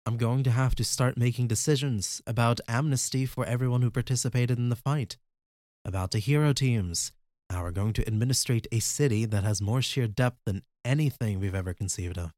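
A man's voice: medium pitch, a little fast, a little mellow, no room sound, studio quality, natural voice. A man voicing an earnest armored male hero who presses a therapist for time, in an audiobook. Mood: urgent.

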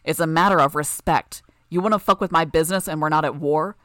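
A woman's voice: low-pitched, quick pace, fairly bright tone, no echo, clean studio sound. A woman narrator voicing a violent, snarling male villain, growling and menacing.

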